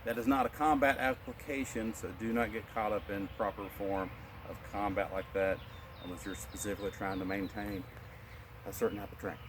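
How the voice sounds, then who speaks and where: A male martial arts instructor calmly leading a qigong class, cueing each breath in a slow, steady rhythm. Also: on the low side, background noise.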